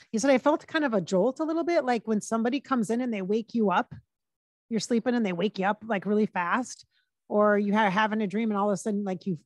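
A woman working as a psychic medium, talking casually and relaying quotes in her own plain voice with frequent pauses and restarts. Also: mid-range voice, dry recording. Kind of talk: casual channeling session monologue.

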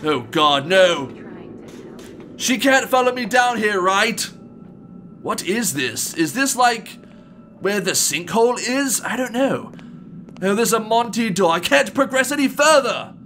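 A man as a fussy, bright toy bear gentleman. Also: high-pitched, animated, a little slow, soft background music, exaggerated voice. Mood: chatty. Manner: exclamatory, fussy, addresses people as sir. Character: polite gentleman toy bear animatronic, tea-loving. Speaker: let's-play host. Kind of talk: gameplay commentary in character.

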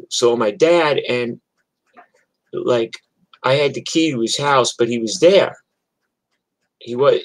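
A man's voice: mid-range voice, rough recording. An older man from New York telling a personal story in a casual, rambling, profane way, with many restarts.

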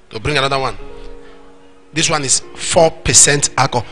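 A man with a Nigerian accent preaching a sermon in church, acting out little scenes and shouting at the high points. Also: normal speed, faint music behind. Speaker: pastor.

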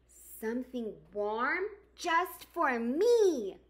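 A woman voicing small shivering storybook animals asking to be let into a warm shelter. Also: high voice, very animated, extremely slow, pitched above the performer's own voice, exaggerated voice. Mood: pleading.

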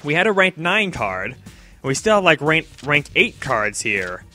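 A man's voice: a little high, big pitch swings, unhurried, sharp tone, faint music behind. A young man chatting casually over his gameplay in a self-mocking way, often talking straight to the game's characters. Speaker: let's play commentator.

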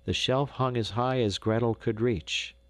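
Older man, gentle storybook narration. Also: mid-range voice, fairly even intonation, unhurried, no room sound. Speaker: audiobook narrator. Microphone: close studio mic.

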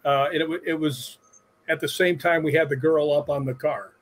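A middle-aged man from Chicago, a stuntman guest, telling animated stories in a casual interview. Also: fairly high pitch, normal speed, slight background noise. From Chicago, USA. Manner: animated anecdotes with acted-out quotes.

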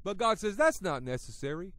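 A middle-aged man preaching a radio sermon, talking conversationally at times and at others building to loud, emphatic passages. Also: high-pitched, very animated, fairly quick, no echo.

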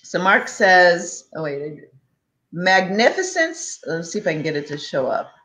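A woman's voice: lowish voice, animated, a little slow, a bit bright. A woman hosting an interview over a video call, responding to her guest and passing on viewer comments. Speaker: host. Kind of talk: interview chat. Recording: roomy echo.

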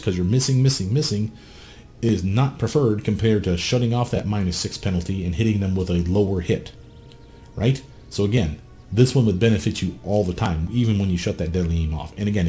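A man's voice: deep voice, mellow. A man talking casually and bluntly through a game character build, swearing freely and asking the viewer questions. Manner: blunt, profane, conversational. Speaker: gameplay guide host.

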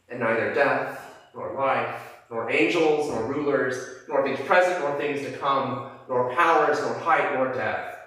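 A man's voice: medium pitch, a bit bright. A man preacher giving a sermon, telling a story with frequent fillers and restarts in a church sanctuary. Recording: echoey church from a distance.

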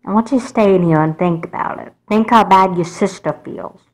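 A woman voicing a calm, firm mother in a doll movie, scolding patiently. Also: lowish voice, brisk, low-quality recording.

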